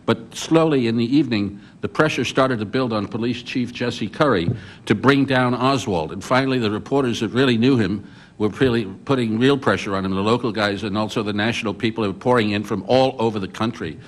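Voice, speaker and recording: An older man on a journalists' panel, recounting his reporting memories as an animated storyteller who often restarts his sentences. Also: medium pitch, a little fast. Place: conference hall.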